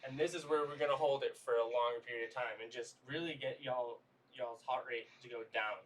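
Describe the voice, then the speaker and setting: A man leading a livestream workout, coaching stretches in a relaxed, chatty way. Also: medium pitch, a little fast, far from the mic, slight background noise. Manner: easygoing, coaching with lots of "y'all" and "okay?". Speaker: fitness trainer.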